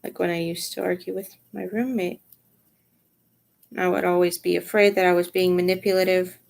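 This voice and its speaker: A woman's voice: on the low side, steady tone, moderate pace, creaky, darkish tone. A young adult woman talking frankly to camera in a rambling personal vlog. She sounds tired, swears freely, and often sinks into a near whisper. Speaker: vlogger. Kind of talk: candid personal vlog monologue.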